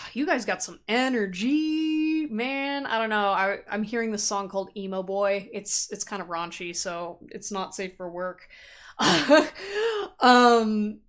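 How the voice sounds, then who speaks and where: A tarot reader gives a casual pick-a-card reading, chatty and animated, laughing often and playfully acting out quoted thoughts. Her mid-range voice is smooth and slow.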